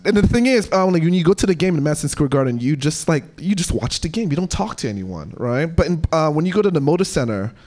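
A man's voice: fairly high pitch, very animated, fast, hardly any pauses, a little mellow. A male comedian from New York telling a rambling stand-up story full of fillers.

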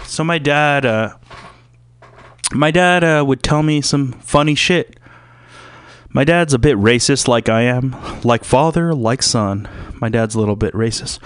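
A man's voice: medium pitch, lively intonation, measured pace, clear, resonant tone, dry recording. Crude, rambling male podcast host. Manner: crude, profane, meandering. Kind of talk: rambling casual monologue.

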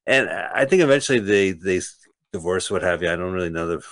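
Low-voiced wry male co-host. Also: animated, a little fast, a bit bright. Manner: rambling, wry, trivia-minded. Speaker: radio show co-host. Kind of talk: casual movie commentary chat.

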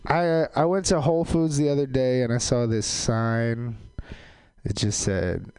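Man doing deadpan stand-up comedy. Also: measured pace, clean tone. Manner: deadpan one-liners with sudden loud high outbursts.

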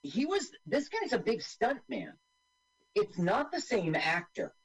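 With a high, breathy voice and an unhurried delivery, a man co-hosts a radio talk show, joking around and narrating the film playing on screen. The audio is poor.

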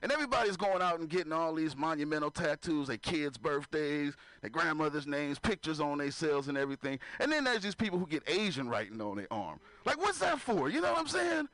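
A man's voice: on the high side, sing-song, a little fast, few pauses, fairly bright tone, no echo. A man performing a stand-up comedy set on a club stage, talking loosely to the crowd and laughing at his own jokes. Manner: loose, conversational, keeps asking the crowd to clap. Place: comedy club stage before a live audience.

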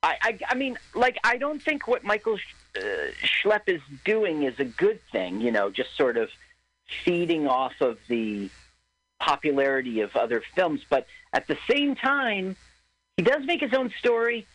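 Animated man chatting about movies. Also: high voice, moderate pace, low-quality recording. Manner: animated, rambling, laughs often. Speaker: co-host. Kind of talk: casual chat about movies. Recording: internet radio talk show.

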